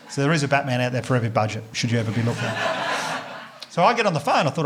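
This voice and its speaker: An Australian man on a comedy club stage, his voice a touch higher than most men's. He tells his story with big animated swings and plenty of swearing. Audience noise sits clearly behind him. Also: fast. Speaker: stand-up comedian.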